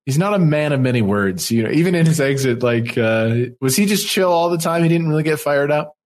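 A man co-hosting a podcast in casual chat, animated, with quick opinions and exclamations. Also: fairly high pitch. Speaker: podcast co-host.

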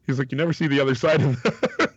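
A man's voice: medium pitch, expressive, fast, slightly rough, no room sound, lo-fi sound. A man co-hosting a podcast, chatting casually, laughing often and acting out the people he quotes. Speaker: podcast co-host. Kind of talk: casual chat.

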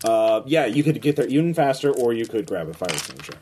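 A man narrating as game master of a tabletop game, talking loosely and haltingly with many fillers. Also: medium pitch, big pitch swings, mellow, a little hiss or hum.

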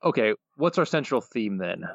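A man co-hosting a podcast, speaking in a measured, agreeable casual way. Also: mid-range voice, sing-song, vocal fry, no echo, dull audio. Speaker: podcast co-host.

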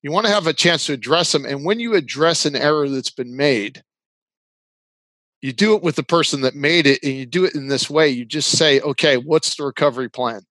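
A man's voice: fairly high pitch, a little fast, sharp tone, no echo. A man guesting on a podcast as a business consultant, explaining his views earnestly in casual interview talk, with a dry sarcastic streak. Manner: earnest, sarcastic at times, laughs while explaining.

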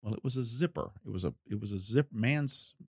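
A man's voice: on the low side, expressive, a little mellow, slightly rough, no echo, studio quality. Older man spinning a folksy true-crime tale. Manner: folksy, unhurried storyteller with a wry laugh. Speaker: retired federal investigator recounting a case. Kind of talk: storytelling interview.

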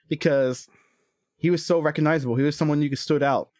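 A man's voice: a little high, fairly even intonation, fast talker, a little mellow, no echo. A man with a slightly raised voice chats loosely about a movie he thinks is bad. He jokes around and now and then slips into goofy voices. The sound is close and dry. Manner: jokey, bursts into silly put-on voices. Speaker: podcast co-host. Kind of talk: casual movie review chat.

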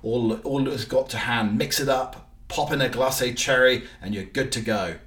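A man's voice: medium pitch, normal speed, a bit bright. A man hosting his own show in casual, rambling chat, joking and full of ums and restarts. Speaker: podcast host. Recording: roomy, distant mic, faint music.

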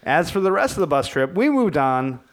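A man's voice: a little high, sing-song, a little fast, slight background noise. A man in casual podcast chat, steering the talk toward the next part of the story.

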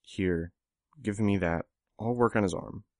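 Male reader playing a sharp young woman, impatient and sure of herself, audiobook voice, dry recording. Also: fairly low pitch, dry recording. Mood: brisk. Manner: brisk, exasperated, confident. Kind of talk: audiobook character voice.

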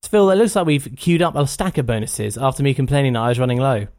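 A man's voice: mid-range voice, lively intonation, fast, a little mellow, faint music behind. A man co-hosting a podcast in casual chat, jokey and self-deprecating. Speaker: podcast co-host.

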